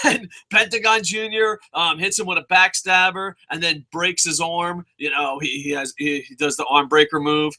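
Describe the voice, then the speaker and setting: A man hosting a casual wrestling show review, excitable and profane, rambling with restarts and bursting into shouts. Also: fairly high pitch, normal speed, hardly any pauses.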